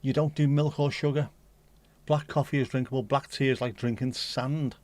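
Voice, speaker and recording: A man's voice: medium pitch, fairly even intonation, normal speed, darkish tone. A man hosting a casual livestream, chatting to viewers and answering the chat aloud, swearing now and then. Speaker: livestream host reading chat. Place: home streaming setup.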